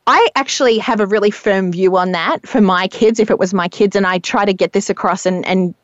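A woman's voice: medium pitch, fairly quick, no echo, lo-fi sound. A woman parenting coach explaining her methods in casual podcast chat, earnest and often tagging "right?" onto points. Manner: earnest, explanatory, frequent "right?" tag questions.

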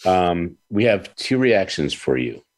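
A man hosting an interview talk show, speaking earnestly with halting pauses and repeated words. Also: sits low, very animated. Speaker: radio show host.

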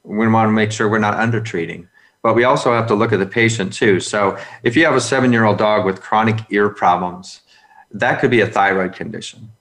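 Man, veterinarian, lowish voice, casual podcast chat, explanatory, methodical. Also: a little fast, a bit bright.

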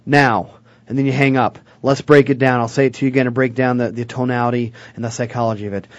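A man who works as a sales trainer, speaking as a guest on a radio talk show and coaching the listeners directly in an energetic way. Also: mid-range voice, quick pace, no echo, lo-fi sound.

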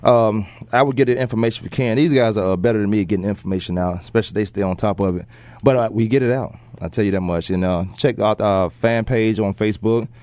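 Fast-talking joking radio host, dry sound. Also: male voice, lowish voice, a little mellow, dry recording. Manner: joking, rambling, lots of fillers. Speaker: radio sports show host. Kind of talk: casual talk radio chat. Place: radio studio.

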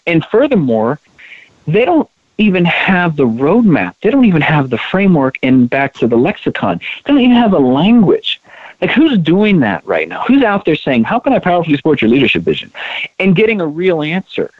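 A man appears as an interview guest, a co-founder of a women's leadership project, speaking earnestly and emphatically and often repeating words as he restarts sentences. His voice is on the high side and sing-song, at a moderate pace. The conversational interview has a tinny, dry phone-line sound with no room sound.

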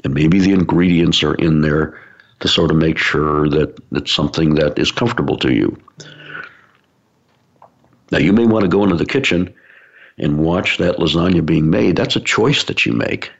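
Low gravelly man explaining with analogies. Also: normal speed. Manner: explanatory, uses everyday analogies, frequent fillers. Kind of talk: talk to business audience. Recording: dull lo-fi recording.

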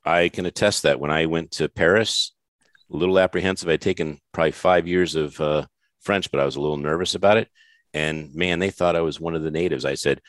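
A man's voice: very deep voice, brisk, no room sound, studio quality. A man hosting a podcast interview, talking in a rambling, effusive, jokey way. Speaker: podcast host. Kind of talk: casual interview chat.

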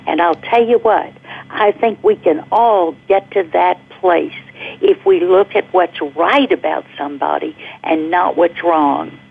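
A middle-aged woman calling in to a radio talk show, telling a personal story with animated energy and laughing as she goes. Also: fairly low pitch, unhurried, creaky, breathy edge. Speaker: caller guest. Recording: tinny phone line.

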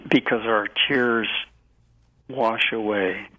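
A man who is a psychotherapist guest, speaking in a slow, measured and thoughtful way. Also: on the low side, fairly even intonation, pushed and bright, no echo, rough recording. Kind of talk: reflective interview talk.

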